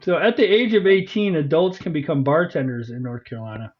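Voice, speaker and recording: A man co-hosting a podcast, talking casually and reading facts off his notes with an easy laugh. His voice sits a little high for a man, and the recording sounds dull and lo-fi. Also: fairly quick. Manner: chatty, reads facts off notes, laughs easily. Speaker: podcast co-host.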